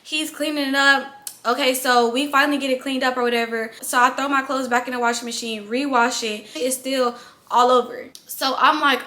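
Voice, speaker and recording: High bright-voiced young woman telling a story. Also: a little fast. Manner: blunt, profane, animated storytelling. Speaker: vlogger. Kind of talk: casual storytime vlog.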